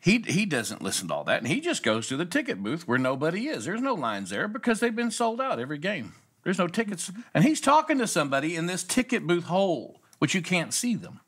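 A man's voice: a little high, fairly quick, slightly rough. A middle-aged man, a pastor, telling a story in a casual talk show, acting out the people he quotes. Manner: animated storyteller, acts out quoted voices.

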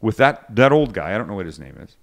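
A man's voice: fairly low pitch, sing-song, quick pace, gravelly. A man hosting a cooking livecast, chatting casually and joking with his co-hosts in a rambling, self-interrupting way. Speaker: cooking show host. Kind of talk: casual chat on a live podcast.

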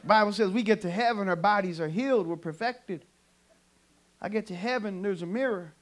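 A man from California performing an animated stand-up comedy set for a church audience. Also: high-pitched, moderate pace. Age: adult. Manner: animated storytelling punchlines. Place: church sanctuary, live audience.

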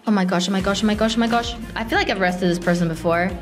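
An excitable young woman gives playful running commentary as she plays a video game, often exclaiming and calling out to other players. Her voice sits at an ordinary middle pitch. Soft background music plays faintly underneath. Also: rapid-fire. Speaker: gaming channel host.

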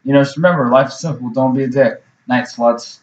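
A man's voice: medium pitch, brisk. A man hosting a podcast, wrapping up in a laid-back, profane way with lots of filler. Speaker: podcast host. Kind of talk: casual podcast chat. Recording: roomy, dull lo-fi sound.

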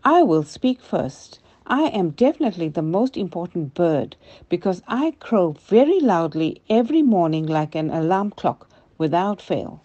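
A woman's voice: on the low side, big pitch swings, normal speed, mellow, no room sound, lo-fi sound. A grandmother doing a boastful rooster. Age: older. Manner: storybook telling to children. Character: boastful rooster, proud and loud.

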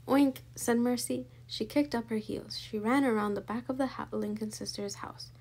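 Children's book narrator, woman, husky and gravelly, lively read. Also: on the high side, normal speed. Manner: lively storytelling.

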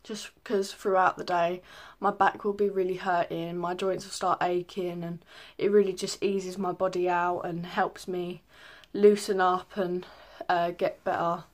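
A woman's voice: on the low side, flat delivery, unhurried, hardly any pauses. A young woman chatting casually in a pregnancy update vlog, rambling with many ums. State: a little out of breath. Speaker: vlogger.

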